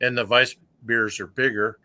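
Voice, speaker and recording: A man's voice: medium pitch, fairly even intonation, normal speed, bright, forceful tone. A man from Maine, co-hosting a casual stream chat and rambling through a story with casual swearing. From Maine, USA. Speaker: co-host.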